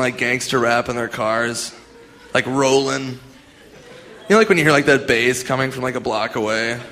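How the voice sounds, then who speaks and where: A man's voice: medium pitch, fairly bright tone. A young man doing a stand-up comedy set, rambling, swearing and laughing at his own jokes, recorded live in a comedy club. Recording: live club with audience noise.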